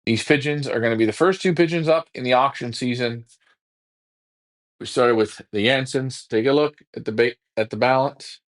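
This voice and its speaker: A man's voice: medium pitch, moderate pace. A man who sells racing pigeons, chatting casually and enthusiastically as he photographs birds for an auction. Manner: chatty, enthusiastic salesman patter; drops to hushed near-whisper when handling birds. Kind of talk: casual livestream chat while photographing birds.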